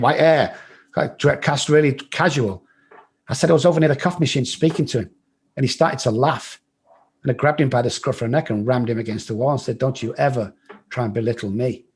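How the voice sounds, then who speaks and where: A middle-aged English man with a husky, slightly breathy voice tells his story as a podcast guest. He talks bluntly, swears freely and acts out what other people said. His pitch sits in an ordinary male middle range. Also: a little fast. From England. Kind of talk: storytelling in an interview.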